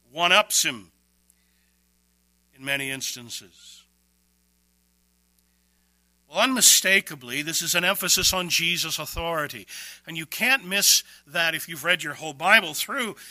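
A man preaching an expository sermon, emphatic, with quick bursts and slow, stressed words. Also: sits high, bright, forceful tone, dry recording.

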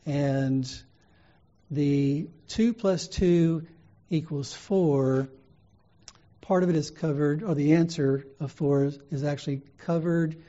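A male preacher delivers a sermon in earnest, storytelling fashion, pausing in measured beats. His voice sits fairly high for a man, with a warm, mellow color. The recording sounds slightly muffled and dull.

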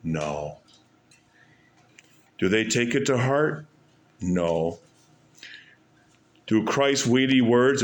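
A man preaching a sermon, asking rhetorical questions and stressing points with pauses and sudden drops in volume. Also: medium pitch. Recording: echoey room.

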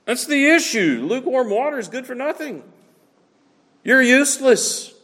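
A man's voice: very high voice, expressive, moderate pace, a bit bright, long reverb tail. A man preaching a sermon as pastor, emphatic and repeating key words for effect.

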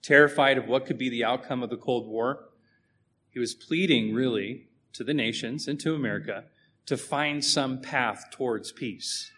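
A male preacher delivering a sermon with an emphatic, conversational push, often turning to the congregation with rhetorical questions. His voice sits at an everyday middle pitch, and a faint ambient hiss lies behind him. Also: normal speed, sharp tone.

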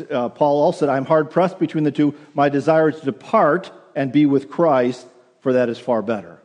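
Guy preaching in church, mellow dark voice, earnest, long echo off the hall. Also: medium pitch. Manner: earnest preaching, repeats words when restarting. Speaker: pastor. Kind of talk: sermon. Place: church sanctuary.

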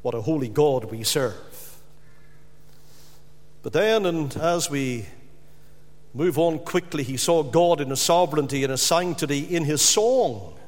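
High-voiced male preacher in a reverberant hall. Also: unhurried, long pauses. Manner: emphatic, rising to loud repeated stresses. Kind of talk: sermon.

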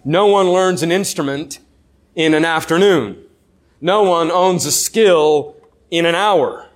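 A man preaching a sermon earnestly, asking the listeners questions and slowing down to stress key words. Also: on the high side.

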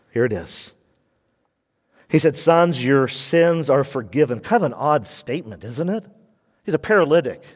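A man with a notably high voice preaches to his congregation, pacing his words slowly. He acts out the people in the story and laughs along as he goes. The sermon carries the long reverb of a large sanctuary. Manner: animated, acts out quoted voices, laughs often. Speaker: pastor.

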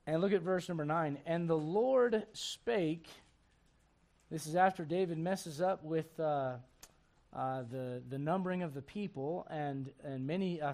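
A man with a high-pitched voice preaching a midweek Bible study sermon. He reads scripture aloud and climbs in pitch and volume when he drives a point home. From raised in a Spanish-speaking home. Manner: animated, rising and loud on emphatic points, reads scripture aloud. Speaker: pastor.

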